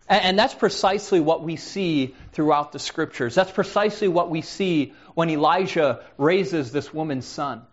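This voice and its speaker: Man, preacher, sermon, earnest, repeats words, slightly high voice, dull recording. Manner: earnest, repeats words when starting phrases.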